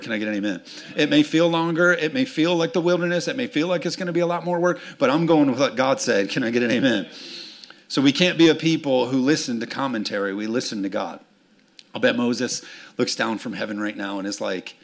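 A man's voice: medium pitch, brisk. A man preaching a sermon as pastor, telling stories, acting out voices and asking the congregation for amens. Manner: storytelling, acts out voices, asks for amens. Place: church sanctuary with congregation.

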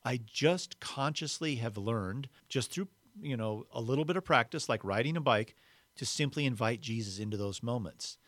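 A man's voice: medium pitch, lively intonation, moderate pace, a bit bright, no echo. Reflective man teaching in a dry room. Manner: reflective, repeats words for emphasis. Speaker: podcast host. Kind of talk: devotional teaching.

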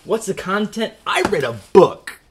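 A man hosting a solo podcast, alone in his garage on an old recorder. He rambles, jokes and mocks himself. His pitch rises and falls in a lively way. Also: moderate pace, background noise. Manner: rambling, self-mocking, jokey. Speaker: podcast host. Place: garage at home. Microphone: old-fashioned recorder.

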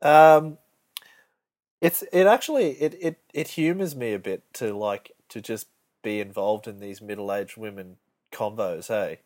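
A man's voice: lowish voice, a little slow, darkish tone, no room sound. A young man co-hosting a podcast, telling stories in crude, laid-back slang. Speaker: podcast co-host. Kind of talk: casual banter.

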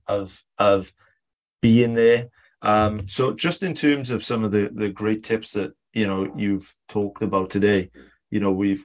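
A man hosting an interview, asking measured, supportive questions. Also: on the low side. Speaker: podcast host.

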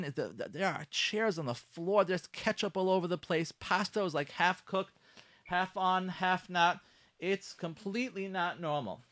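A man hosting a radio talk show, speaking in a lively way, acting out both sides of arguments and mixing in Hebrew and Yiddish terms. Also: fairly high pitch, no room sound, clean studio sound. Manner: lively, acts out both sides of quarrels in shifting voices. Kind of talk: animated radio talk with acted scenarios.

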